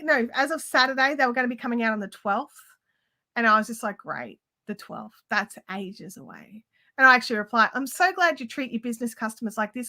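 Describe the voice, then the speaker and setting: A woman's voice: a little high, sharp tone. A woman hosting a craft livestream from home, telling an exasperated story in casual chat and mimicking the people she quotes. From Australia.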